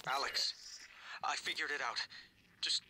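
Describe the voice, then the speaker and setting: An actor playing a frantic male scientist in a video game audio log, speaking in an urgent, halting way. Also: mid-range voice, music in the background, natural voice, rough recording. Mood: desperate.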